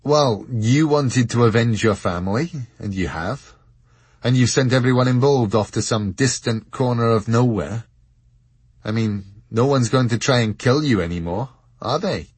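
A man's voice: mid-range voice, moderate pace, darkish tone, breathy edge, no echo, pitched above the performer's own voice, lightly acted. A man voicing Richard, a bewildered young man who speaks in an exasperated, pleading way.

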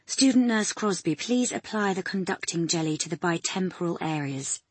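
Sarcastic, belittling male doctor in an audiobook, read by a woman with a husky, dry voice. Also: on the low side, expressive, moderate pace, no room sound. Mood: curt. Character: sneering condescending male psychiatrist.

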